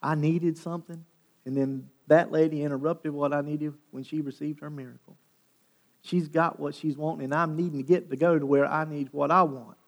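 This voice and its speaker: A man's voice: on the high side, steady tone, moderate pace, lightly acted. A man voicing a desperate father in a sermon retelling, urgent and repeating himself. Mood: panicked. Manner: urgent and repetitive.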